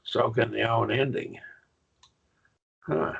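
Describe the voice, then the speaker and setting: A man's voice: medium pitch, slow, creaky, fairly bright tone, husky. A man teaching a college-level Greek Bible class, explaining step by step with enthusiasm. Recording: muffled lo-fi class recording.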